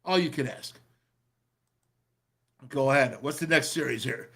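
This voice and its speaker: A middle-aged man hosting a show, excitedly breaking down football game film in a rambling, pumped-up way. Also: mid-range voice, a little slow, creaky.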